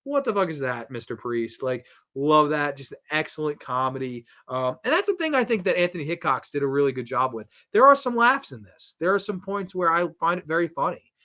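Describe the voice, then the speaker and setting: Excitable, foul-mouthed man hosting a stream. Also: on the high side, a little fast, hardly any pauses, dull audio. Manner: excitable, profane, rambling. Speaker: livestream host. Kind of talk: casual horror movie review chat. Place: home streaming setup with posters behind.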